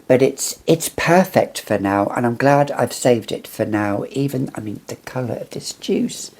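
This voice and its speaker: A British woman with a strikingly low voice, enthusing over perfumes in a casual vlog. She talks at a leisurely pace, gushing and circling back on her words as she goes. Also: lively intonation, unhurried, a little mellow. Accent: British English. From United Kingdom. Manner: gushing, enthusiastic, rambling with restarts. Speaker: fragrance reviewer.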